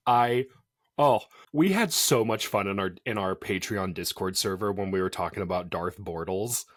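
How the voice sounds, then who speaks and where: Low-voiced man, chatty podcast host, dry close mic. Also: moderate pace, no room sound. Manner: animated, chatty, laughs often. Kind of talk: casual podcast chat.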